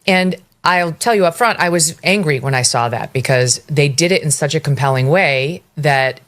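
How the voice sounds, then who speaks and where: A woman interviewer with a very low voice speaks earnestly and at length, circling back and restarting her thoughts as she frames a question. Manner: earnest, long-winded, restarts. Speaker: interview host.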